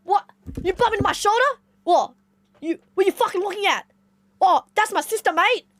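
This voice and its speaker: A woman's voice: very high-pitched, normal speed, no echo, pitched above the performer's own voice. A woman putting on a broad Western Sydney accent as an aggressive young male street lad who throws swearing taunts. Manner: loud confrontational swearing taunts.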